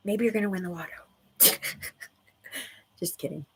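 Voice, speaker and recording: A woman's voice: on the low side, normal speed, background noise. A woman giving intuitive readings to viewers on a livestream, bubbly and giggly, full of "like" and "okay". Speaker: livestream psychic reader.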